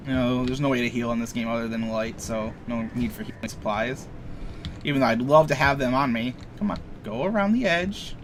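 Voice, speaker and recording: A man's voice: mid-range voice, brisk, a little hiss or hum. A young man casually commenting on a game he plays, rambling, joking and swearing freely. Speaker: let's play streamer.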